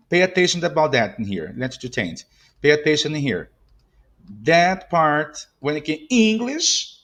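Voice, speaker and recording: A man with a Brazilian Portuguese accent teaching English pronunciation. He repeats short model phrases slowly with exaggerated stress and slips into Portuguese asides. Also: mid-range voice.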